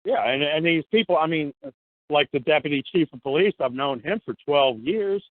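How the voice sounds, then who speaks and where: A man's voice: on the high side, moderate pace, no echo. A man in casual talk-show chat, rambling and swearing, acting out what officials say to him. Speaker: guest, citizen journalist. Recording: dry tinny phone-like audio.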